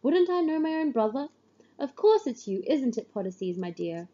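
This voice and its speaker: A woman's voice: high-pitched, sing-song, normal speed, warm tone, dull audio, voice pushed up. Woman doing an insistent young girl. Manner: pleading, insistent.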